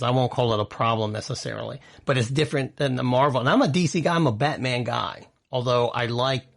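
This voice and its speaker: A man's voice: medium pitch, creaky. A man hosting an entertainment news podcast, chatty and opinionated, reading out quotes and adding his own asides. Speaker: podcast host. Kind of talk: casual entertainment news commentary.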